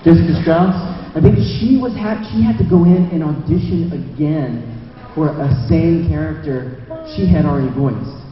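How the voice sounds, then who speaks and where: A man, a voice actor on a convention panel, talking in a halting, rambling way in an echoey convention hall. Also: a little high, lo-fi sound, slight background noise. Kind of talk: casual panel talk.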